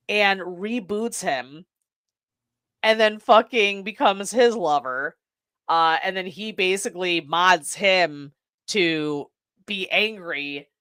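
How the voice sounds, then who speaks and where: A woman's voice: medium pitch, a bit bright, clean tone, no room sound, studio quality. A woman co-hosting a podcast, retelling a movie plot in casual, profane chat and laughing often. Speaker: podcast co-host.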